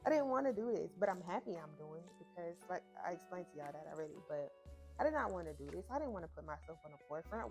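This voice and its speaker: A woman's voice: on the low side, expressive, fast talker, darkish tone, faint music behind. A young woman, chatting expressively to her viewers and repeating herself as she tells a personal story. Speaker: vlogger reviewing a podcast. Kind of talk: casual heartfelt chat to viewers.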